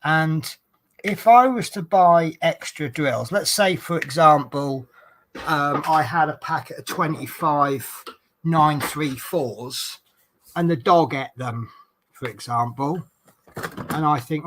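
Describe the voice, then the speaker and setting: Slightly slow and a little high-pitched, with a fairly bright tone, a coach driver turned vlogger talks casually over his home craft project. Slight background noise is present as he pokes fun at himself and puts questions to viewers.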